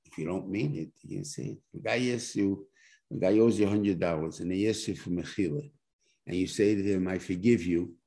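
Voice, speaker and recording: A man's voice: sits low, a little fast, creaky, dark tone, husky, poor audio. A man, a rabbi, giving a conversational weekly Torah class that is full of rhetorical questions and "right?" check-ins. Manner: explains by plain everyday examples.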